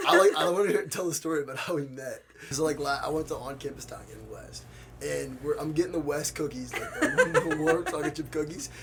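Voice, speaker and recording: Young man, college host, fast pace, lively pitch, fillers, crowd noise behind. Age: young adult. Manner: curious, rambling with many fillers. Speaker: college student, podcast host. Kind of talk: casual chat.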